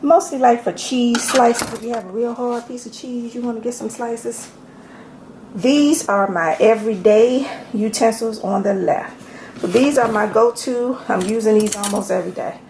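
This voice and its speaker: Out of breath, a home organization vlogger from Maryland gives a chatty tour of her kitchen, addressing her viewers directly as y'all in a casual vlog. Her voice sits a little high, she talks at a normal speed, and there's noise in the background.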